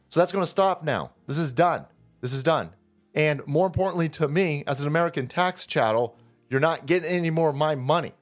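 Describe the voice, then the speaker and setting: A man hosting a profane political rant, sarcastic and combative in manner. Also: a little high. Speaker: political commentary host.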